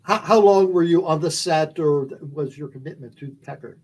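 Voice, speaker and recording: A woman's voice: sits low, moderate pace, a little mellow, breathy edge. A woman hosting an interview and asking brief prompting questions. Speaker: host.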